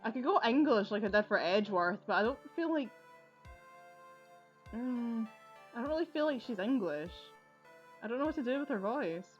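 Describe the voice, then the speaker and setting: A woman hosting a let's play, with loud, sweary, laughing commentary on a video game. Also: fairly high pitch, animated, normal speed, long pauses, muffled recording, faint music behind. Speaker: gaming channel host.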